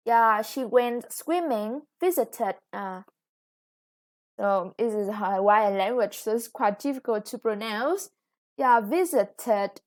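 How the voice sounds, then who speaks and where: Slow-talking teacher with a Vietnamese accent. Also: female voice, fairly high pitch. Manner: patient, explains slowly, stretches new words, self-corrects. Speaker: English teacher. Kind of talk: recorded classroom lesson for students.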